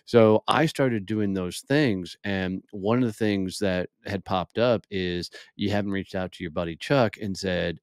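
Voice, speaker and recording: A man's voice: sits low, unhurried, few pauses, smooth, dry recording, studio quality. Blunt, profane man telling his story. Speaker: podcast guest. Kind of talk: candid storytelling interview.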